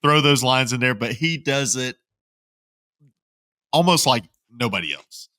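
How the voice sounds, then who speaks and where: Bright-voiced man chatting on a podcast. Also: mid-range voice, lively intonation, measured pace, no room sound. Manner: laughs often, quotes film lines. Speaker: podcast co-host. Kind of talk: casual chat.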